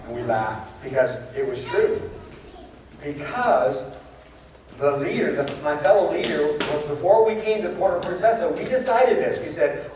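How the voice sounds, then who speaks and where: Pastor, male, a bit higher pitched, rhetorical storytelling sermon, noisy distant recording. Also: expressive, normal speed. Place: church sanctuary. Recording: very echoey church hall, far-off mic, background noise.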